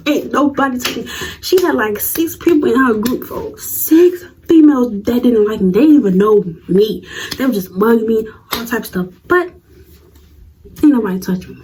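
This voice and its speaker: A 19-year-old woman telling a storytime vlog in a slangy, animated way. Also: on the high side, slight background noise, low-quality recording. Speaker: vlogger.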